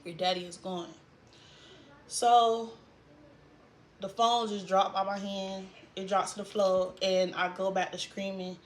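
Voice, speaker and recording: A young woman recounts a painful memory for her vlog. She speaks haltingly, trails off, and fights back tears, at an ordinary pitch, with faint background noise under her voice. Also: little pitch movement. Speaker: vlogger. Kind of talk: emotional personal storytelling.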